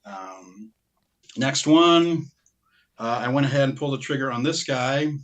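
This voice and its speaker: With a medium pitch and an expressive, unhurried delivery, the podcast co-host casually rambles about what he's bought, often stopping mid-sentence and laughing.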